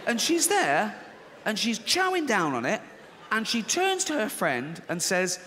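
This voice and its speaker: Crude, animated English comic. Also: male voice, high voice, a little slow, heavy background noise. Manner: crude, sardonic, animated storytelling with frequent swearing. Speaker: stand-up comedian. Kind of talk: stand-up comedy. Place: large theatre stage. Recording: live show in large reverberant hall.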